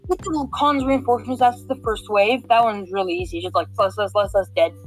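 A woman's voice: mid-range voice, quick pace, soft background music, low-quality recording. A woman guiding listeners through a game mission in casual, rambling chat, full of fillers and restarts. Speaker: game walkthrough guide.

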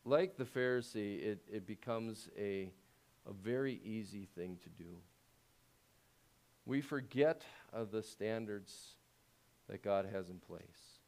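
Preaching slowly, a male pastor talks conversationally to his congregation and poses rhetorical questions. When he presses a point, his voice grows louder and higher.

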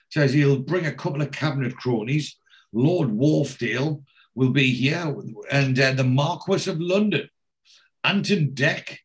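Brief: male host, casual recap, quick shifts into character voices, mid-pitched. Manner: acts out each character's lines, with frequent fillers and restarts. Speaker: podcast host recapping a TV episode. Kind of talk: casual retelling.

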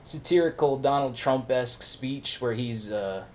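A man's voice: medium pitch, unhurried, a little hiss or hum. A man co-hosting a podcast, recapping a TV show in rambling, profane casual chat. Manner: crude, rambling, swears constantly. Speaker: podcast co-host.

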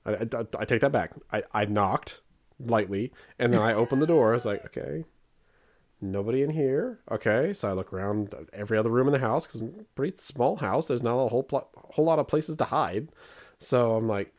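A man's voice: mid-range voice, fairly quick. Thirtysomething guy on a podcast, telling goofy stories, doing little voices for the quotes. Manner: animated storytelling with put-on quotes. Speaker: podcast co-host. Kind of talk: casual comedic chat.

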